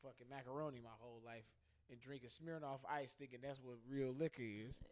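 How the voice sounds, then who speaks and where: A young man co-hosting a podcast, telling stories in a profane, animated way with acted-out quotes. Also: mid-range voice, a little fast. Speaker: podcast co-host. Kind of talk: casual storytelling chat.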